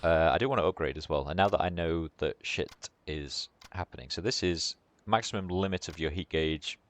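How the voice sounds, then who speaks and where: A man's voice: deep voice, moderate pace, no echo. A man streaming a game, making casual, musing commentary with mumbled asides.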